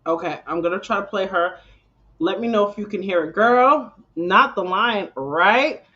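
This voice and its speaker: A woman's voice: mid-range voice, normal speed, bright, forceful tone, highs cut off. A woman hosting a live-stream reaction, chatting casually and exclaiming freely. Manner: chatty, exclaiming, breaks into laughter.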